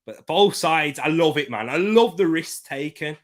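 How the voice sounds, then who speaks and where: An excitable young man calls a football match live for his viewers over a desk microphone. His voice sits a touch high, and he flips between running commentary and loose chat, bursting out loudly when a chance comes. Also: moderate pace. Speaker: watchalong host.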